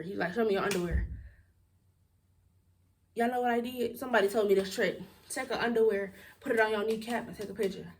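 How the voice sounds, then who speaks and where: Young woman vlogger, outspoken storyteller, mid pitch, set a little back from the mic. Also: distant mic. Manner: outspoken, blunt, with frequent laughs and swearing. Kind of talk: casual storytelling to camera.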